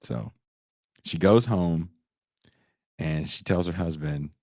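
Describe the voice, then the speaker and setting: On his podcast, a young man sarcastically and profanely recounts a film's plot for comedic effect, briefly voicing the characters in quick impressions. His voice is deep and a little mellow, captured dry with clean studio sound.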